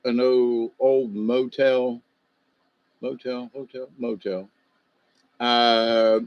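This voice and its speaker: A man rambles through folksy stories in a loose monologue, tossing in fillers and asides. His voice sits at a middling pitch. The recording is dull and lo-fi, with a dry, close sound. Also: flat delivery, very slow, dry recording.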